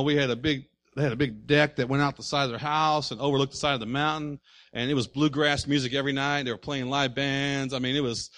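A pastor with a mid-range voice preaches a sermon, animated and peppering his congregation with rhetorical questions.

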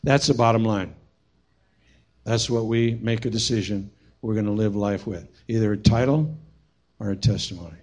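A man's voice: fairly low pitch, moderate pace, pauses often. A man preaching a sermon as pastor, telling stories with humorous asides. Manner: storytelling, humorous, animated asides.

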